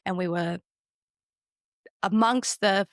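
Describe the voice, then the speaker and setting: A woman, a guest in a casual conversation, telling a personal story in an animated way and acting out the voices of the people in it. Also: mid-range voice, slow, dry recording, clean studio sound. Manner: animated, acts out quoted dialogue.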